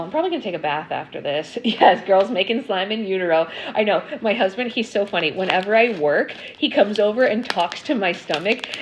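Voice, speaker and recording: Woman streamer, casual livestream chat, mid pitch, reacts to comments, faint noise behind. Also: rough recording. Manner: chatty, answers viewer comments, many ums. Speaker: slime livestream host.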